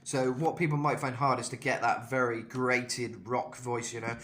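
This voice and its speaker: A man's voice: mid-range voice, fairly even intonation, normal speed, fairly bright tone, a little hiss or hum. A young man giving a casual vocal lesson, talking loosely with self-mocking asides between demonstrations. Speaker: vocal coach.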